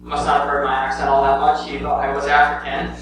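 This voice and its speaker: A man's voice: a little high, monotone, fairly quick. A young man presenting his church mission trip in a rambling, casual way, full of "um" and "anyway". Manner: rambling, with many "um" and "anyway" fillers. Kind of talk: casual spoken report to a congregation. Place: church sanctuary. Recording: very echoey church hall, heard from a distance, with a clear hum.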